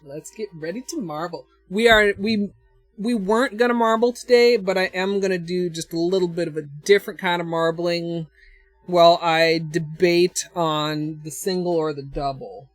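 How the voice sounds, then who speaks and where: A woman's voice: lowish voice, moderate pace, no room sound, soft background music. A woman with a Minnesotan accent chatting casually on a livestream, thinking aloud as she demonstrates and answers her chat with frequent chuckles. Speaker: nail art livestreamer.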